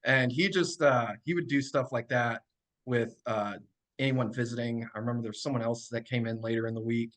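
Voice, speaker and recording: Casual male podcast guest, thirties, mid-pitched, relaxed storyteller with frequent fillers. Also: brisk. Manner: relaxed, many fillers, laughs while telling stories. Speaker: podcast guest, strength coach.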